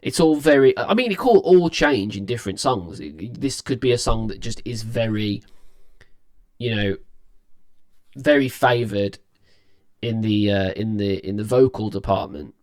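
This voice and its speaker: A man's voice: fairly low pitch, expressive, a little slow, darkish tone. A young man hosting a music reaction video, chatting casually and rambling with frequent restarts, sounding tired. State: tired, yawning.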